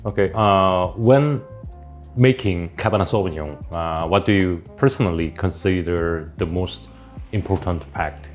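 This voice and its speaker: A man who is a native Korean speaker hosting an interview, asking short, slightly halting questions between quiet backchannels. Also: low-pitched, soft background music. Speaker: interview host.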